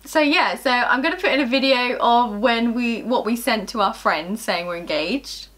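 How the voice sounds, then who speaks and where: A young woman chats casually to camera, her voice bright and a touch high. She giggles often and drifts into ums and restarts as she tells a story. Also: moderate pace. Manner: chatty, giggly, trails off with ums. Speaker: vlogger. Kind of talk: casual chat.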